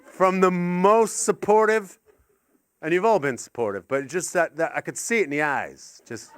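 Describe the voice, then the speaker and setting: A middle-aged man performing a rambling stand-up set, excitable and sweary, with sudden yelps. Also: high voice, normal speed, clean tone, no room sound. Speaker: stand-up comedian.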